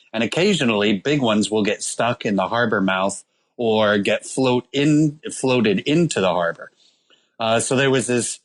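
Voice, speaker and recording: A man co-hosting a casual podcast chat, talking slowly and rambling through a story. His voice sits in a middle register, and he fills pauses with ums and uhs. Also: medium pitch. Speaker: podcast co-host presenting a beer. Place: calling in from abroad.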